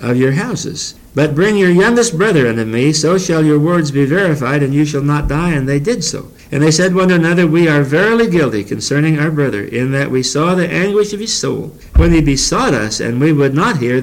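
A man's voice: a little high, expressive, fairly quick, hardly any pauses, low-quality recording. Folksy preacher man reading scripture. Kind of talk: Bible teaching sermon.

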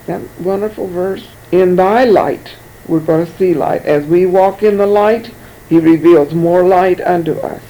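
A man preaching with a high voice and a gravelly edge of fry. He reads scripture verse by verse, then stops to comment and repeats his words as he explains them. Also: unhurried, warm tone, poor audio. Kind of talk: sermon with scripture reading.

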